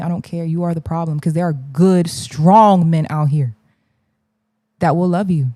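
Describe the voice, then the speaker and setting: Fiery, preachy woman with a lowish voice. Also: warm tone, no echo, clean studio sound. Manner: fiery, preachy, repeats rhetorical challenges; blunt, colloquial, drops into slang. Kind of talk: impassioned livestream monologue.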